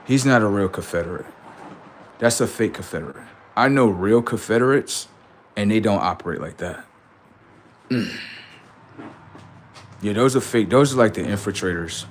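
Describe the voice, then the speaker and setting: A man with a lowish voice preaching to his live chat, rambling and profane. His street slang runs throughout, and his delivery swings between quiet, low mutters and sudden high shouts. A faint hum of noise sits underneath. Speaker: livestream host. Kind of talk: live stream talk to chat.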